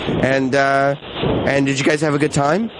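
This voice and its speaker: A male talk show host with a mid-range voice tells lively anecdotes and laughs between lines. A faint hiss sits underneath the talk. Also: mid-range voice, normal speed. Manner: animated storyteller, laughs through his anecdotes. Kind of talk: casual radio chat, storytelling.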